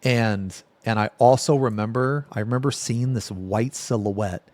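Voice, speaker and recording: A man streaming live, telling a rambling, profane story in a casual way that drops to a near-whisper and then gets loud. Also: fairly low pitch, measured pace, no echo.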